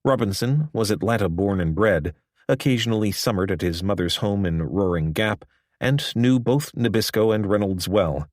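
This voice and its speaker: A man in a measured, even scripted audiobook narration. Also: on the low side, dry recording, studio quality.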